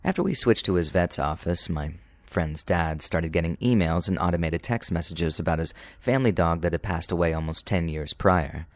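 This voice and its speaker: A man narrating true paranormal stories in a calm, steady, scripted way. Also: deep voice, normal speed, few pauses, no room sound. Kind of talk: scripted horror story narration.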